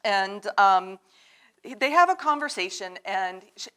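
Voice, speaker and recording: A woman reading a picture book aloud to children at a church service, animated and drawing them in with questions. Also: medium pitch, a little slow, clean tone. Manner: animated, asks the children to join in. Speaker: storyteller at a children's time in worship. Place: church sanctuary.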